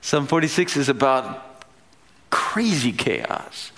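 A man's voice: a little high, animated, a little slow, fairly bright tone. Playful man preaching a casual sermon. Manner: casual, playful teaching with laughs. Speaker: pastor.

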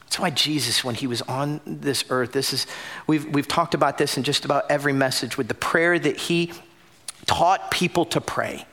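A young adult man preaching a sermon as pastor, telling a story with loud bursts and hushed drops. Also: a little high, moderate pace.

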